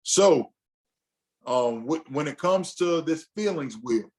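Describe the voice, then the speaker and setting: A man's voice: on the high side, lively intonation, slow pace, a little mellow. Man teaching a casual men's session. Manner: conversational, loose, with frequent restarts and acted-out inner dialogue. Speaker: men's group facilitator.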